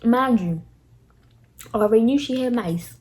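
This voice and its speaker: A young woman vlogger telling a storytime tale to her viewers, animated and dramatic, talking straight to them. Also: fairly high pitch, normal speed. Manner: animated, dramatic retelling, addresses viewers directly. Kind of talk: casual storytime.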